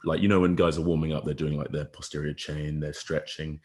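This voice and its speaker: A man's voice: a bass voice, level tone, fairly quick, a little mellow. A man, a rugby player co-hosting a podcast, chatting casually in a rambling, slangy way. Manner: rambling, laughs often, slangy. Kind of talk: casual chat.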